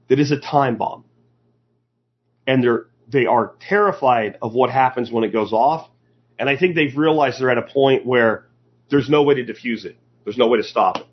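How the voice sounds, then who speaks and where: Man, podcast host, sarcastic commentary, rambling, husky, muffled lo-fi sound. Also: mid-range voice. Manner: sarcastic, opinionated, rambling with restarts. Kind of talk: casual commentary monologue. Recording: dull lo-fi recording.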